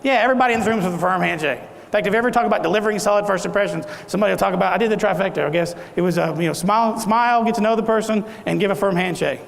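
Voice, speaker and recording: A man's voice: sits high, very fast, creaky, few pauses. A middle-aged man giving a motivational talk at a conference, quizzing the audience and acting out different tones of voice. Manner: animated, audience questions, acts out tones. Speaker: keynote speaker. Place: large conference hall. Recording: echoey hall.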